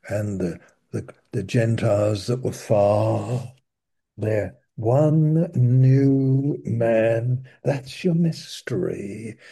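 A man gives informal Bible teaching in a slow, unhurried delivery. His voice is husky and mellow, and he often stops and restarts his phrases. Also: medium pitch. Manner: slow, halting, with many restarts and asides. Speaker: preacher.

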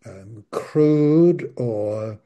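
A man teaching from the Bible in an informal, conversational way, slow and halting, often restarting his sentences. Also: medium pitch, lively intonation, warm tone. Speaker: preacher.

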